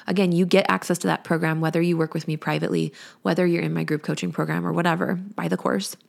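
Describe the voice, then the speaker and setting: Candid mom coach with a gravelly voice. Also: female voice, lowish voice, level tone, fast. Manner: candid, chatty, reflective. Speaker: parenting coach. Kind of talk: casual podcast talk.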